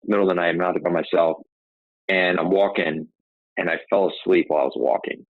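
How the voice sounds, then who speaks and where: Low-voiced male host telling a story off the cuff, full of restarts; thin phone-line audio. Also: steady tone, a little fast, no echo. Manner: rambling, frequent restarts and "like" fillers. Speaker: podcast host telling his own story. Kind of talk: casual conversational storytelling. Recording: tinny phone-like line, dry.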